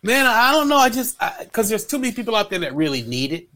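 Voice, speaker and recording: A man co-hosting a morning radio show, telling stories in a loose, animated way and acting out what people said. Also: sits high, fast talker. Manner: animated storyteller, acts out quotes, swears freely. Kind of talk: casual radio chat.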